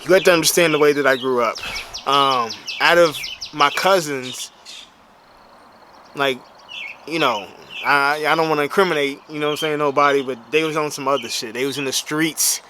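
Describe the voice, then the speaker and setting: A man's voice: fairly high pitch, normal speed, noisy background. A man, a bodybuilder, telling a story in a casual, slang-heavy way that is full of "you know what I'm saying.". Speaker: bodybuilder and motivational speaker.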